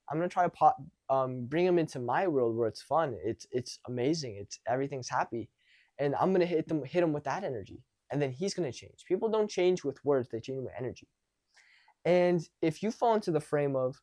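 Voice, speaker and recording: A young man giving casual dating advice, animated and swearing freely. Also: fairly high pitch, fairly quick, no room sound, studio quality. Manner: animated, acts out quoted exchanges, swears casually. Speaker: dating coach.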